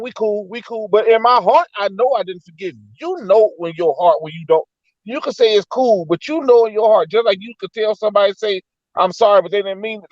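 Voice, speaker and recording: A man in a casual talk, thinking out loud and telling personal stories to make his point. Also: sits high, dry recording, dull audio. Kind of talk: casual debate.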